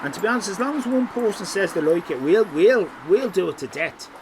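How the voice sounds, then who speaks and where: A man's voice: high-pitched, expressive, fairly quick, slight background noise, poor audio. A man giving rambling, teasing live-stream commentary over a city walk. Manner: jokey, rambling, teasing chat.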